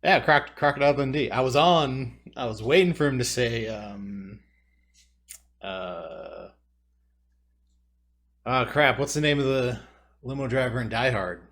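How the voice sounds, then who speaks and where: Playing along in his own trivia video, a man muses aloud and rambles as he searches his memory for answers. He speaks slowly with frequent pauses, in an animated, medium-pitched voice with a fairly bright tone.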